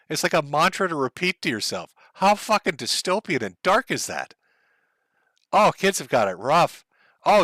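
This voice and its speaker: Man, livestream host, profane sarcastic rant, lively swooping pitch, forceful edge, dry close sound. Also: no room sound. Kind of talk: ranting live commentary, reading viewer messages.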